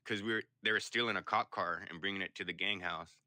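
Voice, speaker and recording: A young man talks casually on a stream, rambling through stories with plenty of swearing. His voice sits low, with a sharply bright edge. The sound is dry and close. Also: steady tone, quick pace, no echo. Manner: rambling, profane storytelling. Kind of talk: casual chat.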